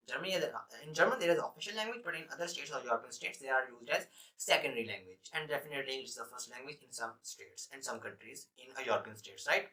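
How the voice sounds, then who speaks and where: A man teaching a beginner language lesson online, speaking haltingly with many pauses and frequent "right?" check-ins. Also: mid-range voice, bright, forceful tone, distant mic, rough recording.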